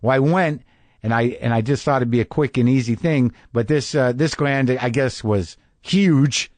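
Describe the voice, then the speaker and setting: A man's voice: mid-range voice, normal speed, darkish tone, no echo. A man hosting a podcast, telling a rambling, self-deprecating story in a casual comedic monologue. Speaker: podcast host.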